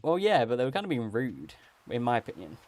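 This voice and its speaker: A man's voice: medium pitch, huge pitch swings, fast, darkish tone, no room sound. Chatty male game streamer. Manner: rambling, chatty, laughs often, reads out chat. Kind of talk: casual live-stream chat.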